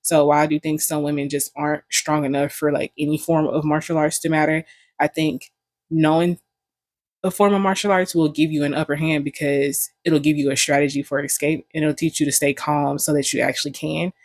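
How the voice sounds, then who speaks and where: A woman's voice: low voice, level tone, a little fast, a little mellow, no echo. Young woman vlogger, casual storytelling, profane and joking, dry close sound.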